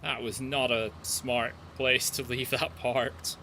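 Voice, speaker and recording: A man's voice: mid-range voice, level tone, slow pace, sharp tone, slight background noise. A man chatting in rambling asides as he plays a game on a live stream. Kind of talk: live gameplay commentary.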